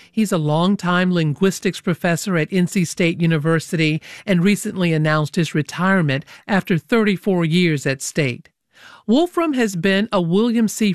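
A woman hosting a public radio talk show, reading a clear, scripted introduction. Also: on the low side, dry recording, clean studio sound. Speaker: radio host. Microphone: studio microphone.

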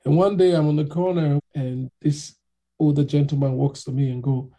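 A man casually telling an animated anecdote in an interview, acting out the voices of the people in it. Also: on the high side, moderate pace. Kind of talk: casual storytelling.

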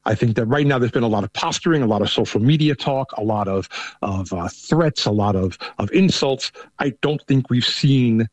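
Man with a thick New York accent, husky voice, dry close sound, casual guest chat, restarts a lot. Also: mid-range voice, moderate pace, darkish tone, dry recording. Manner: conversational, restarts often. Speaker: panel guest. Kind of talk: casual remote interview.

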